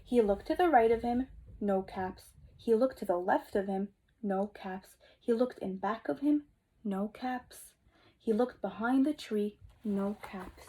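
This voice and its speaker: A woman teacher reading a picture book aloud to young children, expressive and asking them questions, dropping to whispers for asides. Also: mid-range voice, a little slow, slight background noise, poor audio. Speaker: kindergarten teacher.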